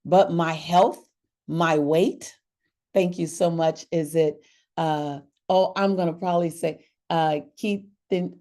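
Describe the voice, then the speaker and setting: A woman hosting a wellness webinar over a video call, talking to her audience in an expressive, preacher-like cadence that rises with emphasis. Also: fairly low pitch, slow pace. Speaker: webinar host. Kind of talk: motivational webinar talk.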